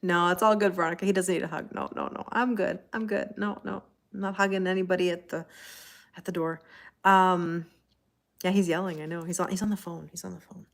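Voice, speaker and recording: Woman, Canadian accent, tarot reader, live-stream chat, lower-pitched. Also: fairly even intonation, brisk, creaky. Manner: chatty, laughs often, answers viewer comments.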